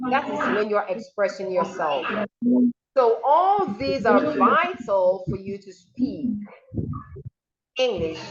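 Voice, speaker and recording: Slow, deliberate woman teaching diction. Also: medium pitch, dull audio. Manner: repeats words slowly and models pronunciation. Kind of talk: pronunciation seminar lecture.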